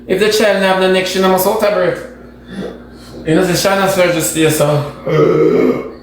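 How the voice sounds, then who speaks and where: In a reaction video, a social media commentator with a Jamaican accent serves up sassy, dramatic gossip. His high-pitched voice holds a steady tone at a slightly slow pace, recorded in a very echoey room with faint noise.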